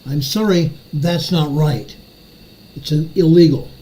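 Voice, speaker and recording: A man's voice: a little high, unhurried, dark tone, low-quality recording. An older man hosting a commentary show, ranting furiously and repeating his phrases for emphasis. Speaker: show host.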